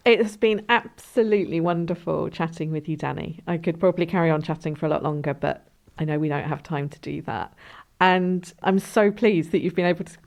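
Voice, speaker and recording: A British woman hosting a podcast, telling stories in a casual, animated way and laughing often. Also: lowish voice. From Britain. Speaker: podcast host. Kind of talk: casual chat.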